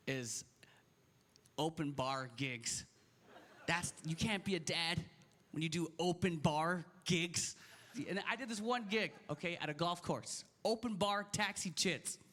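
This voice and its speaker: A man in his thirties doing a stand-up set, ranting in an animated and incredulous way into a handheld stage mic. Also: a little high, a little slow. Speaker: stand-up comedian. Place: comedy stage.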